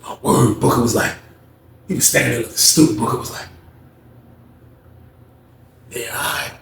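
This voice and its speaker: A man telling a story in casual slang, animated and acting out the voices. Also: mid-range voice, quick pace, gravelly, far from the mic, noisy background. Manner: animated, slangy, acts out every voice. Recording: roomy echo.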